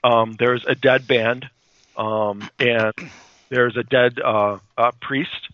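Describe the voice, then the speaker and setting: A man casually retells a comic issue, rambling through fillers and restarts. His voice sits at a middle pitch and comes through tinny and narrow, as over a phone line, with a dead, dry sound. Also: fairly even intonation, takes it slowly, no echo. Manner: rambling, many fillers and restarts, laughs often.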